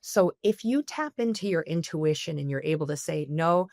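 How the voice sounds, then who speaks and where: A woman's voice: deep voice, expressive, normal speed, creaky, warm tone, no echo, studio quality. A woman speaking as a therapist guest on a podcast, giving earnest advice and checking in with "okay?" often.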